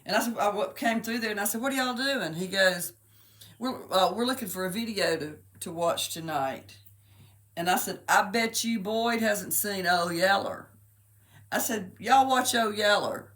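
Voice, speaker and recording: A middle-aged woman reciting a poem and telling a personal anecdote in a heartfelt, expressive way. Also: mid-range voice, moderate pace. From Mississippi. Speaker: storyteller.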